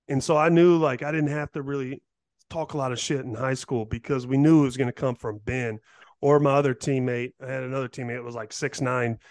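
A man guesting on a podcast, talking loosely and laid back with many pauses and fillers. His voice is mid-pitched, and the recording is dry. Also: no room sound. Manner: relaxed, rambling, halting with fillers. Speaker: podcast guest, former player. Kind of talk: casual interview chat.

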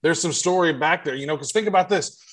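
A man's voice: fairly high pitch, quick pace, rough recording. Man ranting on a podcast. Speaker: podcast co-host. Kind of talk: casual podcast chat.

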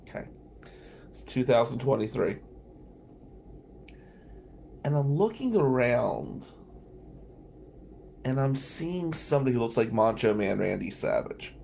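Gravelly guy host, lawyer, telling stories, voice jumps all over, laughs a lot. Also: medium pitch, a little hiss or hum. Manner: animated, laughing, swearing storyteller. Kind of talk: storytelling monologue.

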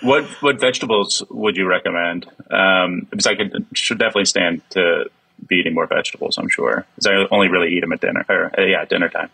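A man appearing as a podcast guest, playful and quick to laugh in casual chat. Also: low voice, fairly even intonation, vocal fry, pushed and bright, breathy edge, low-quality recording.

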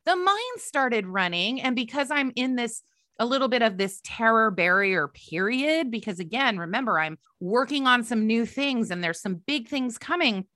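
Woman, motivational coach talk, bright voice, dry close sound. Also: on the high side, moderate pace, no echo. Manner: animated, emphatic, repeats phrases, dramatic gasps. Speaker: coach, podcast host.

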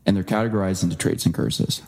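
A man speaking as an interview guest, telling a personal story earnestly and voicing quoted people with lively impressions. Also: low-pitched, quick pace. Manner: earnest, animated impressions when quoting. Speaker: guest author.

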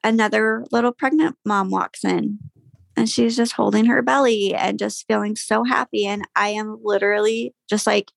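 A woman's voice: mid-range voice, steady tone, normal speed, gravelly, no echo, clean studio sound. A young woman guest telling a personal story in casual conversation, candid, with frequent fillers and sighs.

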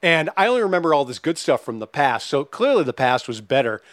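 A man's voice: a little high, quick pace, no room sound. Male podcast host, bouncy upper-range voice, dry close mic, casual and profane. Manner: animated, profane, reads listener questions.

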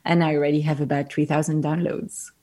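A woman with a French accent, a guest on a podcast, telling stories animatedly and giving gentle, reflective advice. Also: low-pitched, a little fast. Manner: animated storyteller, gentle and reflective when advising. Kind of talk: casual interview chat.

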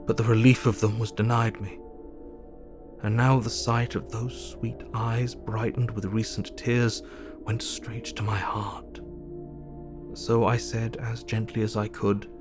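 A grave, gentle Victorian doctor. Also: male voice, on the low side. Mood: solemn. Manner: solemn, measured and tender. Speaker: narrator and character. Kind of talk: audio drama diary reading.

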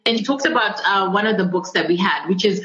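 A woman from Zambia hosting a podcast, chatting casually and excitedly with a guest on a video call, laughing often. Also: medium pitch, fast. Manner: gushing, animated, laughs often. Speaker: podcast host. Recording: echoey room, dull lo-fi sound.

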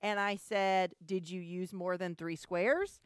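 A woman telling a family story in casual chat, animated, with stammering restarts. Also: fairly low pitch, slow pace, clean tone, dry recording, clean studio sound. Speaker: podcast co-host, mother.

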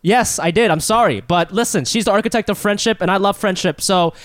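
A man's voice: high-pitched, fairly quick. A man co-hosting a comedy podcast, chatting casually and hamming up goofy introductions. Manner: goofy, playful, hammy introductions. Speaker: podcast co-host. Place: New York.

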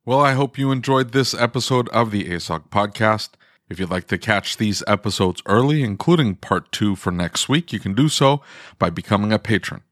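A man with a fairly low voice hosts the podcast. He keeps it loose, throwing in playful, teasing remarks between points. The sound is dry and close. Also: lively intonation, a bit bright, no room sound. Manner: jokey, teasing, quick asides. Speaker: podcast host. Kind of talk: casual chat.

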